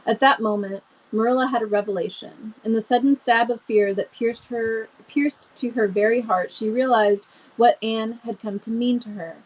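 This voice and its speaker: A woman's voice: a little high, steady tone, moderate pace, few pauses, low-quality recording. A woman reading a novel aloud expressively, with chatty asides and small stumbles. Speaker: book reader.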